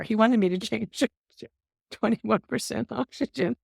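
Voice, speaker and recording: An older woman, a nurse, telling stories in an interview. She is an animated storyteller who acts out the voices she quotes and often says "um". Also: fairly high pitch, normal speed, vocal fry, husky, dry recording, clean studio sound. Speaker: nurse guest.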